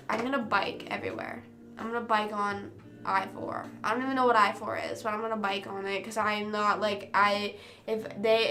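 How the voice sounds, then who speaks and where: A woman's voice: on the high side, bright, forceful tone. A woman in her early twenties hosting a casual late-night livestream. She rambles through stories full of fillers. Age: early 20s. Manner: rambling, filler-heavy storytelling. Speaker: livestream host.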